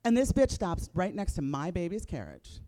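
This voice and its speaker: A woman in her thirties does a live stand-up set on a comedy stage before an audience, blunt and profane, landing wry punchlines. Her voice sits fairly low, with a sing-song lilt, a warm tone and a normal pace.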